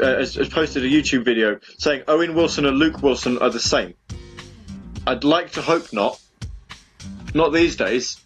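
A young man hosts a homemade internet radio show, rambling and poking fun at himself. He is chatty and loose, stumbling through restarts. Faint music plays behind him. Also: mid-range voice. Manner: rambling and self-mocking, full of fillers and restarts. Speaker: online radio show host. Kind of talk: casual chat with listeners between songs. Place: home room.

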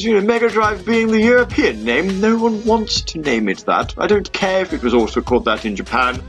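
A man voicing a pompous, posh male know-it-all fan who lectures slowly and condescendingly. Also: medium pitch, a bit bright, close to an everyday voice.

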